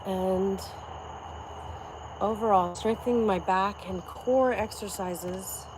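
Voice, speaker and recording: A woman's voice: mid-range voice, takes it slowly, background noise. A woman in her forties, out of breath, vlogging casually while working out, brash, profane and boastful. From Florida.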